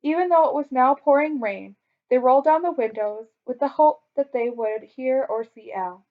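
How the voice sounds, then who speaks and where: A woman reading a children's story aloud in a clear, expressive way. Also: high voice, moderate pace. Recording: dull lo-fi recording.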